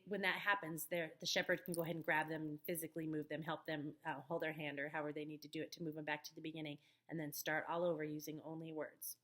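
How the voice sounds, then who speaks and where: A children's ministry leader with a voice on the low side films an informal instructional briefing at home on her webcam or computer mic while a dog is nearby. Chatty and friendly, she guides volunteer teachers step by step through the week's lessons, with plenty of ums and fillers.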